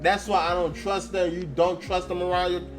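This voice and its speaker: A man's voice: high voice, little pitch movement, moderate pace, over music. A young man telling a story in a blunt, profane casual rant, acting out quoted dialogue. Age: young adult. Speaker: channel host. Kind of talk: casual ranting monologue.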